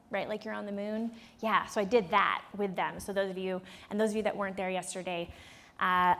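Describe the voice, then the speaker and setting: A woman's voice: mid-range voice, gravelly. Chatty woman leading a live workshop. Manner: chatty storytelling, acts out dialogue with "I was like"; laughs often, speaks directly to the audience. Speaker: workshop leader. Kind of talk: live workshop talk to an audience. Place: conference room before a live audience.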